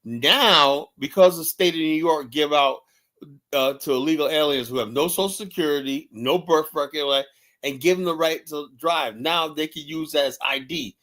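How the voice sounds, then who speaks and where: A man's voice: fairly high pitch, moderate pace, a bit bright. Man telling stories casually. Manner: storytelling, repeats "right?" often. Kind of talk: casual chat.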